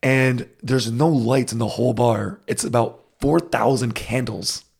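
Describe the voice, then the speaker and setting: A man's voice: medium pitch, a little slow, vocal fry, slightly rough. A man telling a travel story in casual chat, with many fillers and restarts. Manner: rambling, animated anecdotes with many fillers and restarts.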